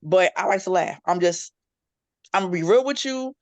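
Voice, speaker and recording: A middle-aged woman chatting casually in a group discussion, telling stories with lively quoted voices. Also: normal speed, no echo. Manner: animated storytelling, jumps into high-pitched quoted voices. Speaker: panel guest. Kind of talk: casual chat.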